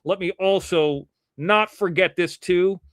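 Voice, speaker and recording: A man hosting his own live-stream news show, rambling casually between topics, irreverent and quick to curse when annoyed. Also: high voice, dry recording, studio quality. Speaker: livestream show host.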